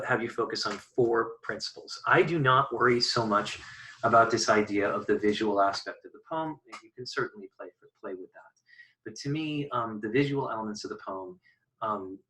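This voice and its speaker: Lower-voiced man lecturing from off-mic. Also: sharp tone, far from the mic, rough recording. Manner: thoughtful, many fillers and restarts. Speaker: poetry teacher. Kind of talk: informal lecture.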